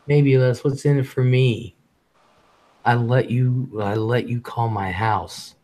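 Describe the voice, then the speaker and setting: A blunt man hosting a live stream in casual chat. He talks fast and swears freely, and his voice sits at a middling pitch. He reads chat messages out between his own remarks. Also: steady tone, warm tone.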